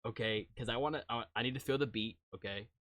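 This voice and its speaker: A man casually talking through a live-stream reaction, teasing his viewers, laughing and jumping suddenly from quiet to loud. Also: medium pitch, fast talker, dry recording. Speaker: streamer reacting to music videos.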